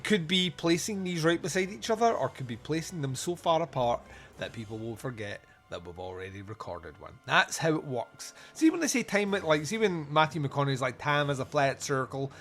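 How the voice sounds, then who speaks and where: A man's voice: on the high side, big pitch swings, a little fast, fairly bright tone. A Scottish man hosting a podcast in loose, jokey chat, rambling and laughing often. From Scotland. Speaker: podcast host.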